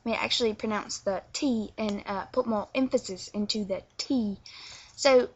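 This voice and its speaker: The recording is muffled, and the woman's medium-pitched voice has a breathy edge and a moderate pace. A young Londoner who vlogs about accents, she talks her way casually through a tutorial in London English, using lots of filler words.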